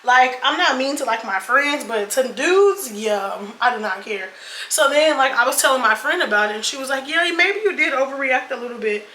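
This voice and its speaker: A beauty vlogger in her twenties tells a dating story while doing her makeup, chatty and casual, cursing freely and calling viewers y'all and girl. Her voice is high-pitched and sharp with lively intonation at normal speed. The echoey room has faint ambience plus a little hiss or hum.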